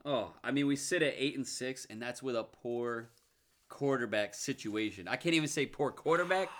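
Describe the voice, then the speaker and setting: A man's voice: medium pitch, normal speed. A man co-hosting a casual sports talk show, earnest and stat-driven, building to passionate outbursts.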